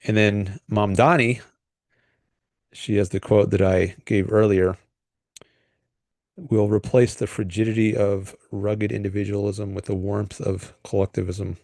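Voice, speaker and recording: A man hosting a solo livestream, talking through political ideas in a thoughtful, hesitant way with frequent pauses and restarts. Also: on the low side, little pitch movement, creaky, a little mellow, no echo, studio quality. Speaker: livestream host. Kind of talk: casual solo commentary.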